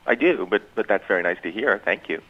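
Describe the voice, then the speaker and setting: A man's voice: lowish voice, lively intonation, quick pace, slightly rough, phone-quality sound. A middle-aged man, a guest comedian on a casual radio interview, talking with a dry, teasing wit.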